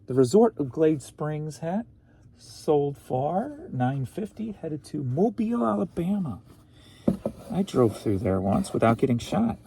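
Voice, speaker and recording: This eBay reseller from the St. Louis area has a rather high, very animated voice that is mellow and unhurried. He runs through his recent sales in a goofy, rambling recap full of jokey asides, with slight background noise.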